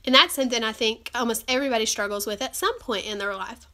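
Over a phone or webcam stream, a woman with a cold gives encouraging, earnest, chatty talk peppered with fillers. Her voice is a little high, fast, pushed and bright.

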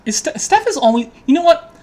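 A woman thinking aloud as she plays an online card game, muttering her options, then pleading, swearing and laughing loudly at the draws. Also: sits high. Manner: talks to herself, swings from quiet musing to loud laughing outbursts.

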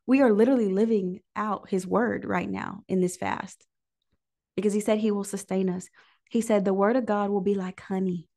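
A woman hosting a prayer livestream, preaching in an emotional, near-tearful way and pausing often to listen. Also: mid-range voice, fairly even intonation, warm tone. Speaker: host of a prayer call livestream. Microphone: livestream microphone.

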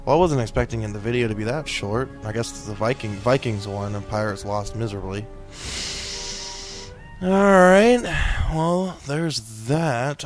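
A man commenting casually on his gameplay, slipping into hammy pirate and Viking threats and yelling at the game. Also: medium pitch. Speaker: gaming video host.

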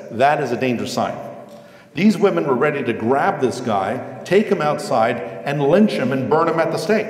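A man's voice: mid-range voice, a little mellow. Lecturing man in an echoey hall. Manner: anecdotal, emphatic, acts out dialogue. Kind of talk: lecture with storytelling.

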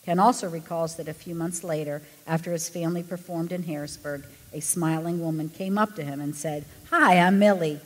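A woman's voice: deep voice, brisk, hardly any pauses. Woman reading a story in an echoey hall. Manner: expressive storytelling. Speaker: pastor's wife reading a story. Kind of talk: reading a story aloud in a sermon.

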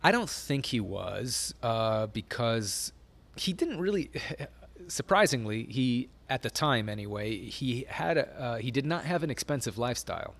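A middle-aged man talks in a relaxed, rambling way as an interview guest, full of "like" and "um" and often breaking into a laugh. His voice sits in an ordinary male pitch. He sounds casual and candid. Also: measured pace, gravelly.

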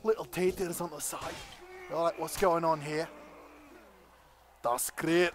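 Man doing a brash Scottish gamer, put-on Scottish accent, high shouting voice, crude. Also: gravelly, heavily acted. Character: rowdy Scottish man, brash, foul-mouthed. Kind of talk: comedic gaming character bit.

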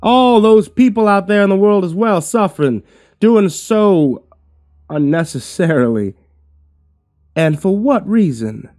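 A man doing a booming, mocking cult reverend. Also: lively intonation, unhurried, a little mellow, soft background music. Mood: preaching. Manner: booming, grandiose, taunting. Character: sinister persuasive male cult reverend, mocking. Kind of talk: horror story narration.

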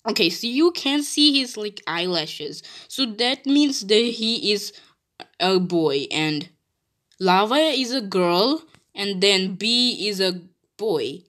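Brief: woman game streamer, giggly, excitable, chatty, medium pitch. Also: slow. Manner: giggly and excitable, breaks into laughter often; chatty, with frequent restarts and exclamations. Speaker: gaming video creator. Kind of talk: casual gameplay commentary.

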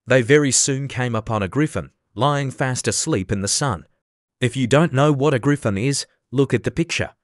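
Male storybook narrator, steady and even, mid pitch, dry. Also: normal speed, no echo. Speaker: audiobook narrator. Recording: dry close studio sound.

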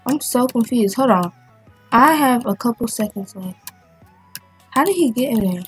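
A woman giving casual, excitable commentary as she plays a video game, chatting and thinking aloud as she goes. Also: a little high, normal speed, husky, faint music behind. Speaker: gaming channel host.

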